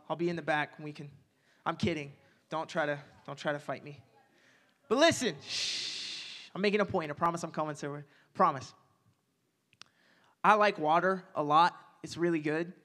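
A young man giving a casual, energetic sermon as a youth pastor, joking aside and repeating phrases. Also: a little high.

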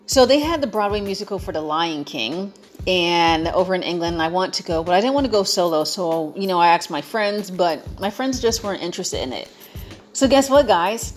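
A woman's voice: lowish voice, expressive, moderate pace, faint music behind. A young American woman chatting to her viewers in a playful, emphatic way, piling up repetitions for effect. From United States. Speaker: vlogger. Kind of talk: casual chat to viewers.

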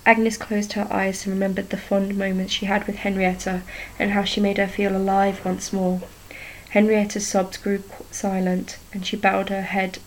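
A woman reading a story chapter aloud, steady and even, with a few small restarts. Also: medium pitch, low-quality recording.

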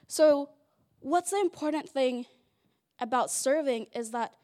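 A woman's voice: high-pitched, measured pace, a little mellow. A woman giving a casual, chatty Bible study talk, playful and full of "like" fillers.

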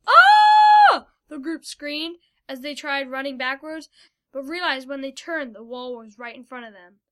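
Woman narrator, high and bright, steady read-aloud style. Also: moderate pace. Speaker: story narrator. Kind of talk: storybook narration.

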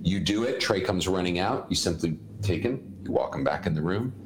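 A man's voice: deep voice, animated, brisk, roomy sound, slight background noise, poor audio. A man co-hosting a casual podcast chat, earnestly explaining parenting advice as an educator and repeating points for emphasis.

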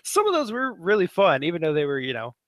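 A man's voice: on the high side, wildly swooping pitch, fast, fairly bright tone, dry recording. A man who edited the podcast, chatting in an easygoing, rambling way about its early days. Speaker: podcast co-host and editor. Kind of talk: casual reminiscing chat.

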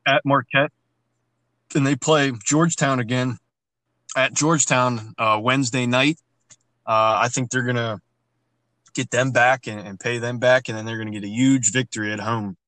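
A man's voice: mid-range voice, fairly even intonation, moderate pace, long pauses, sharp tone, dry recording, low-quality recording. A man co-hosting a casual sports podcast, ranting bluntly about college basketball and swearing freely. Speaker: podcast co-host.

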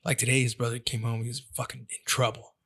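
A man's voice: medium pitch, flat delivery, quick pace, creaky, a bit bright. A man, father of two young boys, chatting casually and telling rambling stories full of swearing. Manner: profane, rambling storyteller. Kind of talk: casual chat.

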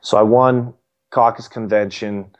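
A man's voice: on the low side, fairly even intonation, unhurried, dull audio. A man in his thirties, a state legislator, telling his story in a casual interview, rambling and self-deprecating with many restarts.

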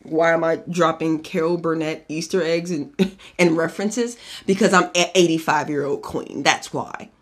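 A man's voice: a little high, fairly even intonation, moderate pace, a bit bright. A man hosting a podcast in a casual chat, giving a cocktail recipe in a chatty, profane way and drifting off on tangents. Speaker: podcast host.

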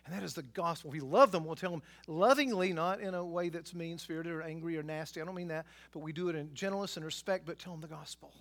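A man preaching a sermon, swinging between quiet asides and loud, emphatic passages. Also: fairly high pitch, quick pace, creaky, hardly any pauses. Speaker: pastor.

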